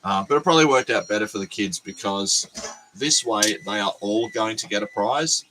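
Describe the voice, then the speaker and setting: An Australian man, a teacher, chatting casually on a livestream from his workbench, hoarse and sick with a cold, rambling and self-deprecating. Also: lowish voice, moderate pace, bright, forceful tone, a little hiss or hum, rough recording.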